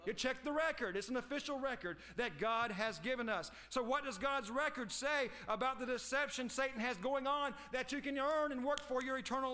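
A man's voice: very high voice, pushed and bright. A male pastor delivering a sermon, emphatic and repetitive, reading scripture aloud and driving his points home. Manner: emphatic preaching with repeated phrases.

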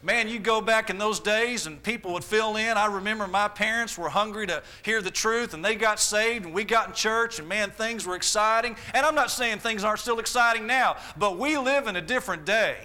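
High, bright-voiced preacher. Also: male voice, brisk, few pauses. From Arkansas, US. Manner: emphatic, repetitive preaching with rhetorical questions. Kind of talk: sermon.

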